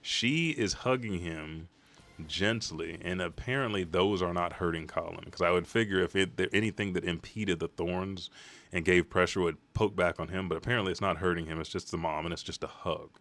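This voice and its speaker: A man with a low voice, speaking at normal speed, hosts a live reaction to a manga chapter. He recaps scenes in a profane, excitable manner and acts out the characters' lines.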